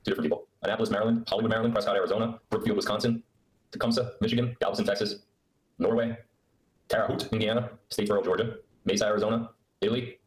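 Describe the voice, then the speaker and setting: A man's voice: lowish voice, steady tone, racing, roomy sound, poor audio. A man hosting a live question-and-answer stream from his laptop, rambling and sarcastic as he chats to viewers. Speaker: livestream host. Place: indoor room on a trip. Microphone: laptop microphone.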